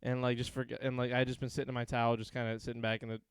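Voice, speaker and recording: A man's voice: mid-range voice, level tone, rapid-fire, smooth, dry recording. A man co-hosting a podcast, telling stories in a crude, profane, rambling way. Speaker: podcast co-host. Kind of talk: casual podcast chat.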